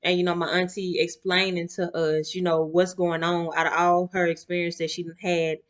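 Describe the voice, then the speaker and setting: A young woman tells a long family story straight to camera. She talks in a lively, chatty way, often turning to the viewer with y'all and slipping into her relatives' voices. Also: on the low side, moderate pace. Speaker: vlogger.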